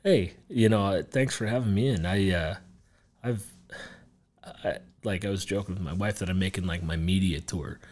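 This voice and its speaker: Deep-voiced rambling male guest. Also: normal speed, darkish tone, a little hiss or hum. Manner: rambling, filler-heavy, swears casually. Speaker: guest, business owner. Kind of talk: casual interview chat.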